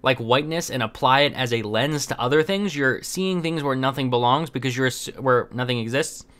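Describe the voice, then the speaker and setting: A young man talking straight to camera in an offhand commentary, circling his points with plenty of ums and false starts. His voice has a bright, edgy tone and sits at an ordinary middle pitch. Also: fairly quick, clear, resonant tone. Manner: rambling, many fillers and restarts. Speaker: commentary host. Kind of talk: casual opinion commentary.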